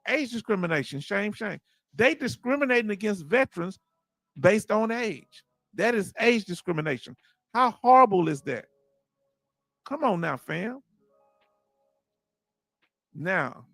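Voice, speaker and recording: Gravelly Southern man, emphatic livestream host. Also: high voice, a bit bright, no room sound. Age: older. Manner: emphatic, preachy, chuckling, addresses viewers as family. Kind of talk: casual livestream chat, reading viewer comments.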